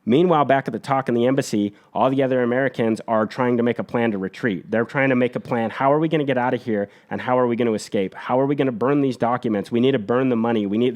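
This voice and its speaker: A man on a podcast retelling a war story in an energetic, blunt, profane way. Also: medium pitch, muffled recording.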